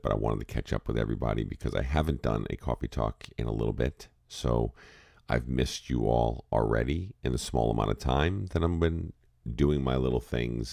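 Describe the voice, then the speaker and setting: A man's voice: rumbling low, gravelly, darkish tone, no echo, studio quality. A man from New England hosting a casual morning podcast chat, groggy with his morning voice, rambling and heartfelt. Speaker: podcast host.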